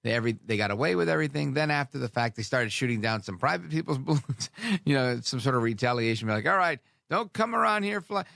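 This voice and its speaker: A man hosting talk radio rattles fast through a rambling, sarcastic monologue, animated and prone to asides. His medium-pitched voice has vocal fry, and the studio recording is clean and echo-free.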